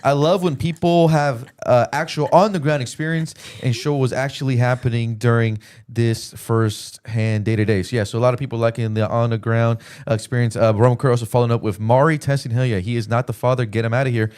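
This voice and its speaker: A man's voice: medium pitch, fairly even intonation, brisk, few pauses, a little mellow, smooth. A man hosting a live podcast stream, casually reading out viewer super chats and cueing his producer. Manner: loose, filler-heavy, reads comments aloud.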